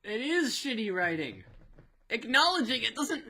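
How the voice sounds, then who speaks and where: A woman's voice: fairly high pitch, sing-song, moderate pace, bright, forceful tone. A woman giving sarcastic casual commentary over a video she is reacting to. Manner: sarcastic, laughing.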